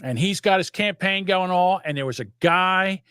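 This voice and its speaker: A man's voice: high voice, normal speed, bright, forceful tone, smooth, dry recording, clean studio sound. A man, co-hosting a podcast and telling stories in casual, profane political chat. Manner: swearing, emphatic storytelling. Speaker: podcast co-host.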